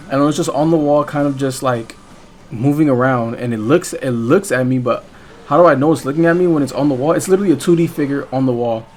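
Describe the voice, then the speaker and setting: A man's voice: mid-range voice, darkish tone. Rambling, foul-mouthed young man telling a story. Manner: rambling, profane, filler-heavy storytelling. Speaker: gaming vlogger. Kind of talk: casual storytime while playing a game.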